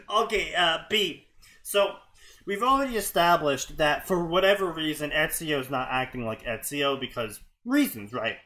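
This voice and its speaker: A man with a bright, slightly high voice reads fanfiction aloud and picks it apart. His delivery is sarcastic and exasperated, full of dry asides. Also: lively intonation, a little slow, slight background noise, poor audio. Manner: exasperated, sarcastic, often laughing. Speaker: fanfiction reading show host. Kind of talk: sarcastic commentary and reading aloud.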